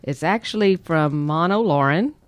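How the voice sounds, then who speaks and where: A woman's voice: low-pitched, lively intonation, moderate pace, dry recording, studio quality. Chatty woman explaining products. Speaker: podcast co-host. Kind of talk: casual health podcast chat.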